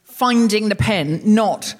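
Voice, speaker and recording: A woman's voice: medium pitch, slow. A woman co-hosting a live comedy podcast on stage, chatting with a theatrical, laughing delivery. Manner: animated and theatrical, laughing while explaining. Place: on stage at a London concert hall before a live audience.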